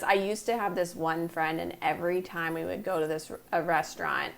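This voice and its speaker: A woman's voice: on the low side, fairly even intonation, brisk, gravelly, few pauses. A woman co-hosting a casual chat podcast, enthusiastic and fond of acting out what people said. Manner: enthusiastic, acts out quotes. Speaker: podcast co-host.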